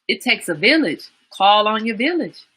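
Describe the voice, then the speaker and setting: A woman's voice: medium pitch, big pitch swings, normal speed, a bit bright, husky. A woman hosting a live-streamed talk show, chatting casually with viewers, reading out their comments and laughing often. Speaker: livestream talk show host.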